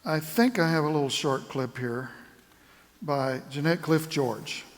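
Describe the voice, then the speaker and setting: A man's voice: on the high side, a little slow. A man, a chaplaincy director, giving a dryly humorous talk to a church group. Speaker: guest speaker, hospital chaplaincy director. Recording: echoey church hall.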